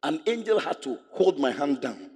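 A man's voice: on the high side, very animated, normal speed, a little mellow. A male pastor preaching a sermon, emphatic and fond of repeating rhetorical questions to his congregation. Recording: echoey hall with long reverb.

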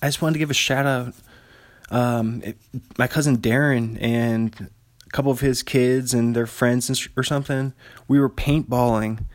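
Recorded at studio quality without echo, this Washington State man in his thirties speaks with a medium pitch, a steady tone and a moderate pace. Hosting a podcast alone, he drifts through loose, digressive tales, chuckling frequently like an easygoing storyteller.

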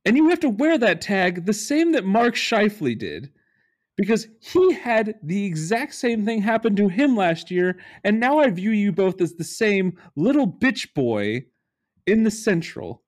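A man co-hosting a casual sports podcast and working himself into a rant. His voice swings widely in pitch as he gets fired up. He curses freely. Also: a little slow. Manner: animated, ranting, swears freely. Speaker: podcast co-host.

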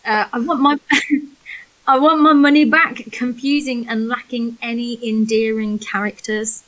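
A woman's voice: on the high side, steady tone, measured pace, a bit bright, low-quality recording. A woman with a broad British regional accent co-hosting a podcast, laughing, swearing and hesitating as she reads reviews. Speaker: podcast co-host. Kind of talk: casual chat.

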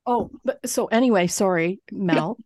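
Woman podcast co-host, lively storyteller who does the other voices, close and dry. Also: mid-range voice, unhurried, dry recording. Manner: animated storyteller, swears, mimics others. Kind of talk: casual chat.

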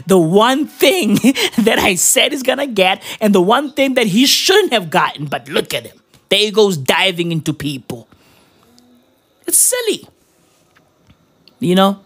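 A football fan vlogger with a high-pitched, fairly bright voice rants about his club. His style is casual and slangy, with swearing and lines tagged with "right?" and "bruv".

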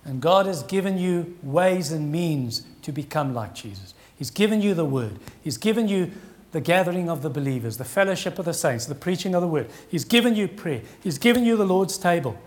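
A man, a pastor preaching an earnest, pleading sermon with dramatic pauses. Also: fairly high pitch, animated.

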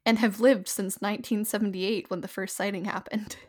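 A woman's voice: medium pitch, fairly even intonation, brisk, a little mellow. A young woman co-hosting a podcast, chatting casually and laughing often. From New Jersey family roots. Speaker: podcast co-host. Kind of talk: casual chat.

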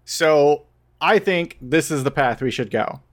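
A man's voice: fairly high pitch, expressive, unhurried. Eager man explaining a game plan. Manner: eager, explains at length, checks with "right?". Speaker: player. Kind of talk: tabletop game chat.

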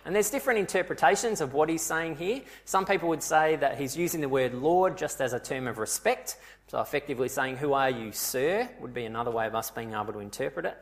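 A man's voice: fairly high pitch, quick pace. A man preaching a sermon, retelling scripture vividly and asking his listeners rhetorical questions.

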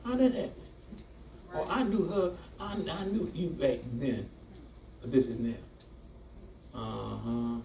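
A man's voice: mid-range voice, takes it slowly, creaky, pauses often, mellow. A man preaching a sermon, talking back and forth with the congregation and laughing often. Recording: echoey room from far off, noisy.

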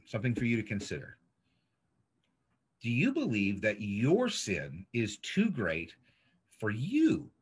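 A man preaching a sermon as a pastor, emphatic and dramatic, letting his voice sink low at the ends of points. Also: a bit bright, breathy edge. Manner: slow, emphatic preaching with dramatic drops in volume. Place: streamed over video call. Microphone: video call mic.

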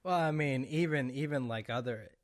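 A man interviewing a guest in a relaxed, casual way, with fillers and light laughter. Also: mid-range voice, normal speed, no echo, clean studio sound.

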